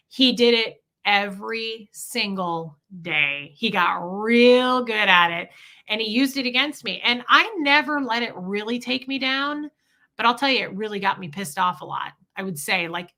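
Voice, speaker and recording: Bright-voiced woman in her forties. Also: fairly high pitch, unhurried. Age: 40s. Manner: candid, sassy storytelling. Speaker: livestream host. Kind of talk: casual livestream chat.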